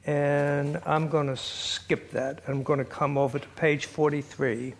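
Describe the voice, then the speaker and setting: A man's voice: on the high side, flat delivery, a little slow, gravelly. An older man giving a classroom lecture, telling stories with a wry chuckle and reading quotes aloud. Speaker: lecturer on biblical poetry.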